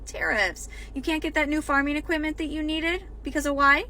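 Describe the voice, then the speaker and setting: A woman's voice: high voice, fairly even intonation, a little fast, sharp tone, a little hiss or hum, rough recording. A woman giving exasperated political commentary, lecturing with rhetorical questions. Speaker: online commentator.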